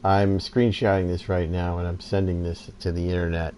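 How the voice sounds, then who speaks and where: A man giving excitable, profane play-by-play commentary on a wrestling video game as he plays, laughing often. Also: low voice, normal speed, a little hiss or hum, poor audio. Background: game music.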